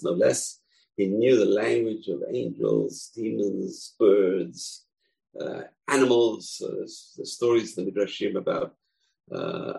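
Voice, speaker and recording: Gravelly-voiced man teaching a story lesson. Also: medium pitch, poor audio. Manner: animated, acts out characters. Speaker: Torah teacher.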